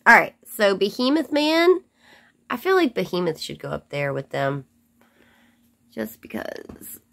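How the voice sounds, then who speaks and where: Chatty woman vlogger with a gravelly edge. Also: medium pitch, very animated, measured pace, fairly bright tone. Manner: chatty, apologetic, says y'all. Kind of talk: casual chat to camera.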